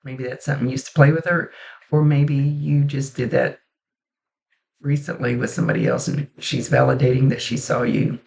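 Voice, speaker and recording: A woman psychic medium talks through a reading in a casual, halting way, often breaking off and restarting her sentences. Her voice has a gravelly, creaky edge. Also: a bass voice, steady tone. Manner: halting, restarts sentences, relays messages in a soft conversational way.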